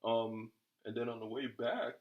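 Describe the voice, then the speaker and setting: A man's voice: mid-range voice, fairly even intonation, normal speed, narrow, tinny audio. A man in his thirties from New York co-hosting a couple's podcast, easygoing, laughing often and rambling with restarts. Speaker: podcast co-host. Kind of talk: casual couple chat.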